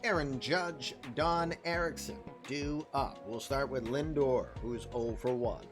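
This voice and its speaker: A man doing casual play-by-play commentary for a baseball game, calling pitches and counts with chatty joking asides. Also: slow, over music. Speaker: play-by-play announcer.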